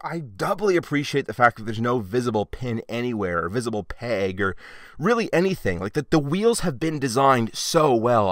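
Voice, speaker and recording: A man's voice: medium pitch, a bit bright, dry recording, clean studio sound. A man giving a casual, wry toy review with chatty, sarcastic asides.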